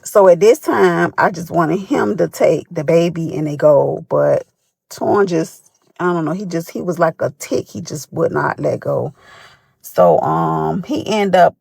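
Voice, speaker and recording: Squeaky, gravelly-voiced woman rambling. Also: a little slow, a little mellow, no echo. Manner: rambling, lots of fillers. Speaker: storyteller. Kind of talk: casual storytime.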